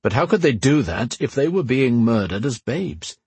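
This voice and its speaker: A man reading a fantasy novel aloud as audiobook narrator, in a steady, measured way. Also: mid-range voice, slightly rough, no room sound.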